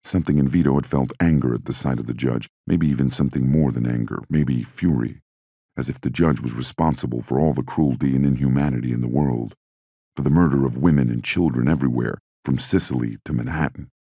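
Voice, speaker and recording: A man giving measured, scripted audiobook narration into a close mic. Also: extremely low pitch, gravelly, warm tone, dry recording.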